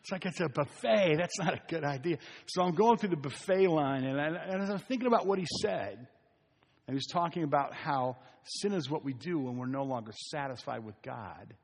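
Husky-voiced preacher in a reverberant hall. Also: male voice, on the high side, brisk. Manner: conversational preaching, repeats phrases for emphasis. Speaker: pastor. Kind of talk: sermon.

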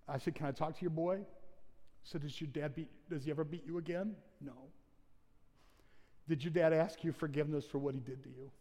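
High-voiced preacher in a reverberant church. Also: male voice, fast. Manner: storytelling, swings from hushed to loud and emphatic. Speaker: pastor. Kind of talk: sermon. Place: church sanctuary.

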